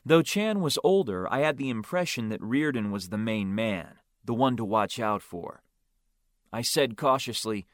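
A man's voice: mid-range voice, lively intonation, normal speed, dry recording. Wry male audiobook narrator, dry sound. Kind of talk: first-person audiobook narration.

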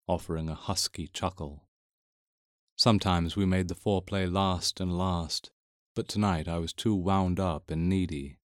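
A man reading first-person audiobook narration in a measured, intimate way. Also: sits low, no echo, clean studio sound.

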